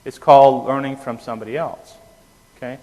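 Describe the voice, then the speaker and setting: A man lectures a class on anesthesia, explaining with homespun analogies and checking in with "okay?" after each point. His medium-pitched voice is steady, fairly quick and dark in tone. The lecture hall is reverberant.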